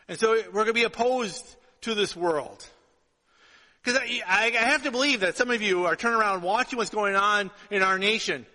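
Animated high-voiced male pastor preaching. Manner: storytelling, animated with acted-out dialogue. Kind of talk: sermon. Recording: long reverb of a hall.

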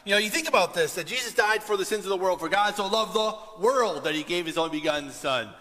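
A man preaching a sermon as pastor, impassioned, swinging between loud, raised passages and hushed, soft ones. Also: high-pitched, animated, fast. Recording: long hall reverb.

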